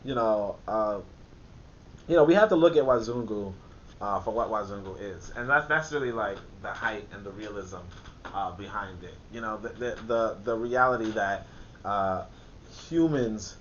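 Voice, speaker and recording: Casual male host, bright and forceful tone, rambling with fillers, muffled recording. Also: moderate pace. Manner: rambling, laughs often, many fillers and restarts. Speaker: host of a book discussion. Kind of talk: casual discussion. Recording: muffled, faint background rumble.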